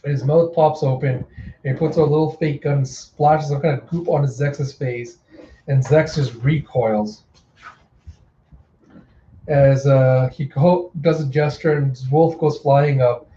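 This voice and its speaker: Mellow-voiced man narrating a manga. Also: medium pitch, steady tone, a little slow, slight background noise. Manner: plain narration with a few slips. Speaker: reader. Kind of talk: casual manga readthrough narration. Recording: echoey room, dull lo-fi sound.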